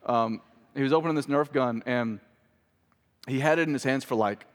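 A man's voice: medium pitch, normal speed, in a large hall. A man in his thirties, a pastor and father, preaching a sermon in a conversational way that rises for emphasis.

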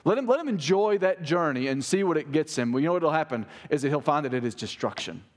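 A man's voice: fairly high pitch, lively intonation, quick pace. A pastor in his thirties preaching a conversational sermon, acting out short exchanges between church members. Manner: conversational preaching, acts out quoted voices.

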